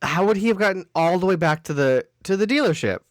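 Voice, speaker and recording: A man with a slightly raised pitch chats casually as a podcast co-host. His recap is full of sarcastic, deadpan asides. The sound is very dry and close, with no room echo. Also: quick pace. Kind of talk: casual movie recap chat.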